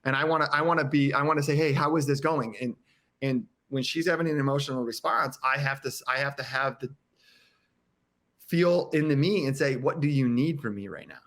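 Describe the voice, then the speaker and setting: A man in a mid-range, fairly bright voice talks candidly on a podcast as a guest. Earnest and halting, he frequently starts his sentences over and performs the words of others as he quotes them.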